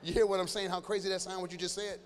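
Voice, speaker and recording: A male stand-up comedian riffing with someone in a live audience, teasing loudly and breaking into sudden shouted bursts. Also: high voice, level tone, racing. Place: large church hall before a live audience. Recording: reverberant hall with faint ambient noise.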